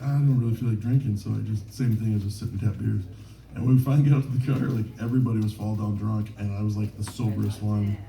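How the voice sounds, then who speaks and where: A touring musician from Minnesota, speaking in a fairly low, creaky, warm voice, rambles through self-deprecating anecdotes between songs on a bar stage. The live room sounds roomy, the mic is distant, and there is slight background noise.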